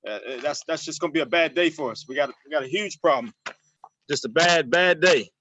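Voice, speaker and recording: A man coaching football players in a virtual session, energetic and repetitive. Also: a little high, fairly quick, dull audio, a little hiss or hum.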